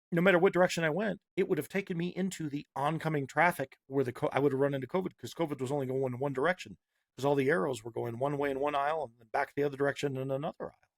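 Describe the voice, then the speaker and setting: Man, podcast host, gravelly, dry close sound, heated sarcastic rant. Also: fairly high pitch, dry recording. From Massachusetts. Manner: heated, sarcastic, punchy repetition. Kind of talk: opinionated podcast monologue.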